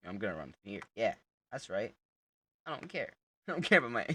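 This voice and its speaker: A man's voice: on the low side, very animated, a little fast, pauses often, sharp tone, breathy edge, no echo. A young man casually joking through a horror game, teasing the monster with lots of laughter. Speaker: gamer playing a horror game. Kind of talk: casual let's-play commentary.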